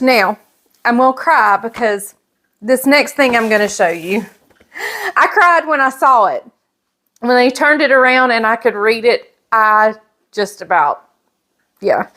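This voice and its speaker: Gushing woman, fairly high voice. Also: a bit bright. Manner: gushing, emotional, chatty with fillers. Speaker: pastor's wife and vlogger. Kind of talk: casual show-and-tell chat.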